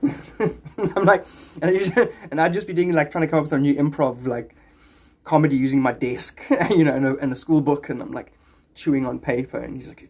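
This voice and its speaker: A man's voice: a little high, a little fast, husky. A man livestreaming casually, chatting in a rambling way and greeting viewers by name.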